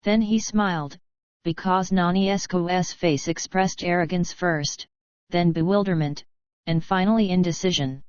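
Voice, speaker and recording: A woman narrating an audiobook in an even, measured reading. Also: lowish voice, clean tone, no echo. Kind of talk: scripted narration. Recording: dry, dull lo-fi recording.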